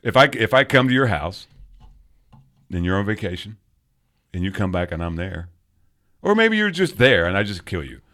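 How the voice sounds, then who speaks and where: A man in his forties co-hosting a podcast, chatting casually over beers, joking, laughing loudly and swearing a lot. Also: sits low, very animated, moderate pace, pauses often. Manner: loud laughing, profane, jokey. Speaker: podcast co-host.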